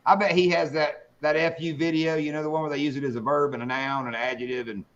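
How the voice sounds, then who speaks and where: A man's voice: fairly high pitch, level tone, quick pace, lo-fi sound. A man hosting a casual fishing live stream, joking with chat, swearing freely and telling bar jokes.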